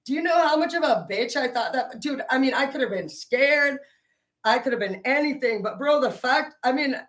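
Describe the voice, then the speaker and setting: A woman doing a casual tarot reading vlog, rambling into profane, excitable stories about pranks with her brother. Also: fairly high pitch, roomy sound, distant mic, rough recording. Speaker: tarot reader.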